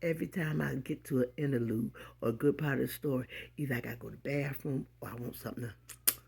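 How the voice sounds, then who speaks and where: A woman telling a funny childhood story to her viewers in an animated, casual way, talking straight to the audience. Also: extremely low pitch, fast talker, vocal fry, a little hiss or hum.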